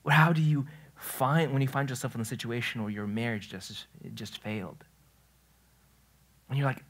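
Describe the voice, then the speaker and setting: A man pastor delivers a relaxed, conversational sermon in a church, with a voice of ordinary middle pitch. He tells stories in a chatty way, restarts his phrases often and slips into loose, everyday talk. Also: moderate pace, pauses often, slightly rough. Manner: storytelling, chatty, self-correcting, laughs at his own story. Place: church sanctuary.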